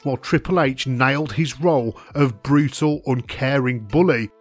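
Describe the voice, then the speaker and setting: A man reading a scripted retrospective narration in a steady, even documentary manner. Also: mid-range voice, normal speed, dry recording, faint music behind.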